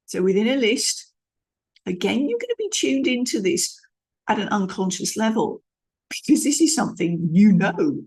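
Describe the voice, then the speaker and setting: A woman's voice: medium pitch, creaky, darkish tone, slightly rough. A middle-aged woman gives an emphatic lesson as a speaking coach, showing different tones of voice and often restarting her phrases. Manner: demonstrative, emphatic, with frequent restarts. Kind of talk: instructional talk on vocal tone.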